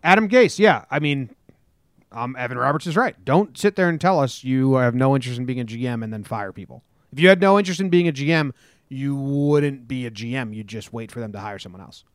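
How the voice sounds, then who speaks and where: A New Jersey man hosts a casual sports talk podcast, rambling through stories, swearing freely, and acting out quotes. He speaks briskly and animatedly at medium pitch, recorded in clean studio sound with no room sound.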